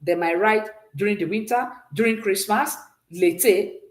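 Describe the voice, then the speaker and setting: A woman's voice: mid-range voice, normal speed, roomy sound. A woman teaching a French exam-prep class, patiently drilling pronunciation and praising answers often. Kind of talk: exam-prep language lesson.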